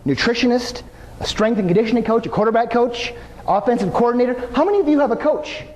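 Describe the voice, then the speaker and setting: Keynote speaker, male, high voice, lively storyteller, hall reverb. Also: fast. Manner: energetic storytelling with asides to the audience. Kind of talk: live motivational keynote speech. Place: large venue before an audience.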